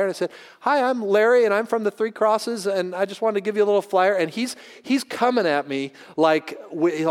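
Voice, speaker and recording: A pastor telling a personal story in a sermon, animated and acting out the voices of the people in it. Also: male voice, on the high side. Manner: animated, acts out voices in his anecdotes. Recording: long hall reverb.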